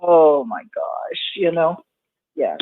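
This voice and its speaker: A woman's voice: deep voice, big pitch swings, slow, gravelly. A woman hosting an interview, sympathetic and affirming, calling her guest honey. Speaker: host. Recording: tinny phone-line sound.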